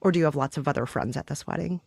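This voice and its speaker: A woman's voice: deep voice, rapid-fire, creaky, a little mellow, slightly rough, no echo, clean studio sound. A woman co-hosting a podcast, chatting eagerly and laughing often. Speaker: podcast co-host. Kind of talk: casual chat.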